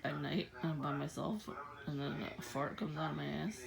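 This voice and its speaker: A low, gravelly woman's voice runs through a loose, rambling monologue, breaking into laughter again and again. Crowd noise murmurs behind her. It sounds like a casual recording made outdoors at night. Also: normal speed, rough recording. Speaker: vlogger.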